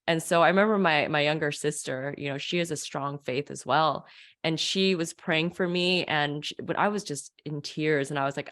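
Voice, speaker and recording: A woman's voice: low voice, normal speed, fairly bright tone. A woman guest telling an earnest, emotional personal story of faith, with frequent restarts.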